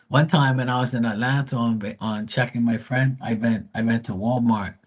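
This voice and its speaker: A man's voice: medium pitch, fairly even intonation, normal speed. A man hosting a live stream, telling rambling, profane family stories in casual chat.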